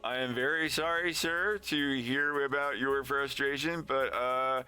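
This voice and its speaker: A man's voice: medium pitch, steady tone, unhurried, sharp tone, clear, resonant tone, soft background music, pitched above the performer's own voice. A man putting on the voice of a stiff, robotic customer service rep who reads out formal apologies. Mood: scripted apology.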